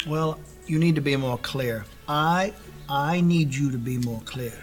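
A man's voice: a little high, measured pace, faint music behind, close to an everyday voice. A man playing a literal-minded, pedantic disciple in a church comedy skit who keeps asking for clarity. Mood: fussy. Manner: pedantic, insists on being clear.

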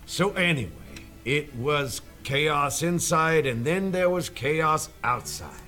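A man's voice: on the high side, lively intonation, takes it slowly, sharp tone, faint music behind, exaggerated voice. A man playing a folksy older disciple in a church comedy skit, telling the tale with homespun sayings. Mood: wry.

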